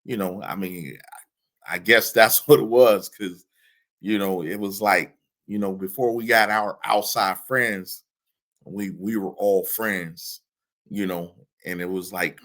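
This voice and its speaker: A man in his forties talking casually as a podcast guest, halting, with many fillers and restarts, often trailing off into a soft mumble. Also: fairly low pitch. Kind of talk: casual interview talk.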